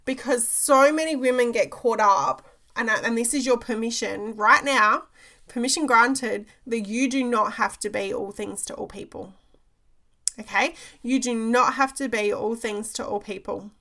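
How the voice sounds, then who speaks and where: A woman's voice: on the high side, moderate pace, sharp tone. A woman, a business coach giving an emphatic motivational talk, repeating phrases and checking in with "okay?".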